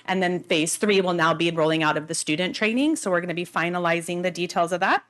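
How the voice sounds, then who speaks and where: A woman delivering announcements at a school board meeting, warm and slightly emotional, with frequent "um"s. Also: on the low side, fast talker. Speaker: school district administrator.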